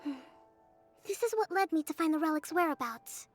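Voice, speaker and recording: Casting: a calm young priestess for a game, very high and light, soft and measured. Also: female voice, faint music behind. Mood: gentle.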